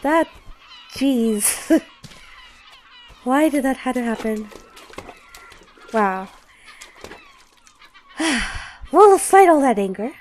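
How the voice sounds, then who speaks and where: A woman giving casual let's play commentary, reacting out loud with exclamations and laughs. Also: high-pitched, drawn-out words, pauses often, a little hiss or hum, rough recording. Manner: expressive, exclaims and laughs at the game.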